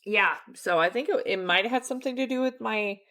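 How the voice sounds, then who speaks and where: A woman's voice: a little high, fairly bright tone. A young woman co-hosting a book club podcast, talking casually and laughing often in a playful way. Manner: giggly, playful, quick to laugh.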